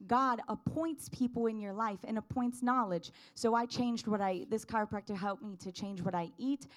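A woman with a high voice shares a personal faith testimony. She speaks earnestly and fervently, building to emphatic declarations. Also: normal speed.

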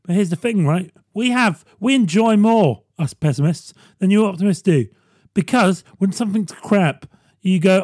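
Guy doing a sardonic comedy podcast rant, slightly high voice, dry close sound. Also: a little mellow, no echo. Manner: sardonic, quick asides to the listener. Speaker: podcast host. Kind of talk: stand-up style comedy monologue.

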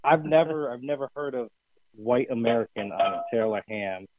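A man's voice: medium pitch, moderate pace, noisy background. A man on a podcast giving blunt, emphatic opinions. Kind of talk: casual chat. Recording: dry, phone-like lo-fi sound.

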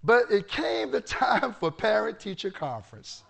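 Preacher, male, high-pitched with gravelly fry, animated storytelling sermon. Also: measured pace. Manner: animated storytelling, bursts into shouting. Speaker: pastor.

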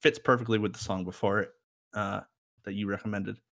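A man's voice: lowish voice, steady tone, a little fast, a bit bright. A man co-hosting a casual music podcast, rambling and joking as he reviews songs. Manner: rambling, joking, laughs often. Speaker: podcast co-host.

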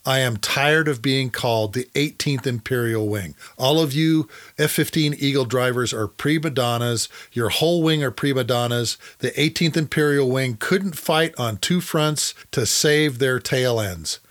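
A man's voice: mid-range voice, a little slow, hardly any pauses, fairly bright tone, close to an everyday voice. A man quoting his blunt wing commander in a curt, commanding tone while telling his story. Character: blunt male wing commander giving orders.

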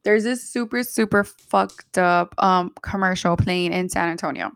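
A woman's voice: lowish voice, moderate pace, vocal fry, fairly bright tone, no echo. A woman co-hosting a casual chat, rambling as she starts a new topic.

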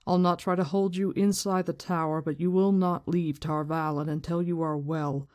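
A calm, commanding woman in charge, as a reader gives her lines from a fantasy novel, firm and unhurried. The voice sits at a middle pitch, and each line is measured. It is a plain reading without much put-on voice. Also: close to an everyday voice. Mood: stern. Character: stern powerful woman leader, calm, commanding.

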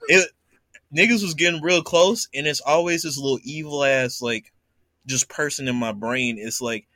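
A man's voice: a little high, normal speed, bright, forceful tone, no echo. A young man telling a long, laughing anecdote in a casual podcast chat and acting out the voices of the people in it. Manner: laughs a lot, acts out voices in his anecdote.

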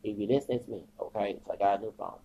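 A man's voice: on the low side, steady tone, quick pace, vocal fry, dark tone, breathy edge. A man hosting a podcast, talking in a rambling, agitated monologue full of swearing and repetition. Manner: agitated, profane, repeats himself. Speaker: podcast host. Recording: dull lo-fi recording.

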